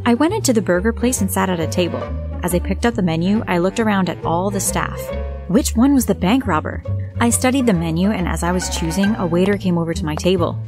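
A woman narrating a scripted first-person story with a plain, steady reading. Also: medium pitch, fast, music in the background.

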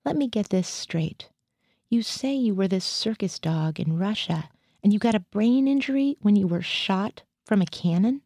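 A woman's voice: medium pitch, animated, normal speed, mellow, no room sound, clean studio sound. A woman reading the lines of a male military psychiatrist who questions his patient dryly. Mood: questioning.

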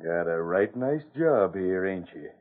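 An actor playing a sly, threatening male cattle rustler with a low, slow drawl, in a 1930s radio drama. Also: animated. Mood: menacing. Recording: narrow lo-fi 1930s radio broadcast.

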